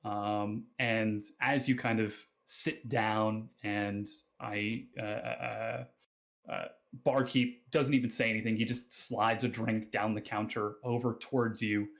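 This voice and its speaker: A man with an Australian accent narrating a tabletop game as game master, pausing often with fillers. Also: fairly low pitch, level tone, creaky, a bit bright, poor audio. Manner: hesitant, many fillers and restarts.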